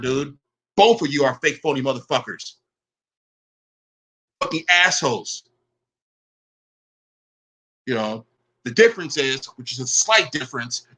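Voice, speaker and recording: Male commentator, confrontational rant, profane, crisp bright voice. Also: fairly high pitch. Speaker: online commentator. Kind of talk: casual rant to camera.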